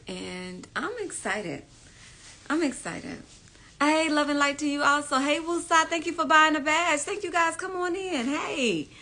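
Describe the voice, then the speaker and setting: A woman hosts a casual live stream, greeting her viewers one by one and leaning on repeated words for emphasis. Her voice is bright and a little high.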